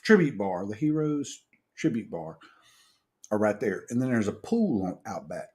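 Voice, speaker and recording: A man's voice: fairly low pitch, moderate pace. A middle-aged man, co-hosting a casual live stream and telling stories with lots of laughter. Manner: animated storytelling, laughs often, folksy. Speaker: co-host.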